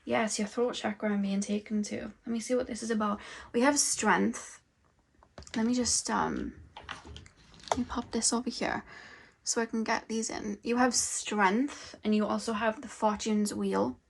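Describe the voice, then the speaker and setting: Slow, dreamy young woman reading tarot. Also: on the high side, steady tone, vocal fry, husky. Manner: slow, dreamy, musing channeling talk. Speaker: tarot reader.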